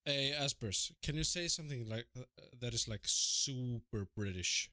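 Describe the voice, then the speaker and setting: A man's voice: medium pitch, normal speed, bright, forceful tone, no echo. A man streaming a shooter game, calling out enemies and laughing often with his teammates. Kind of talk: casual gaming chat.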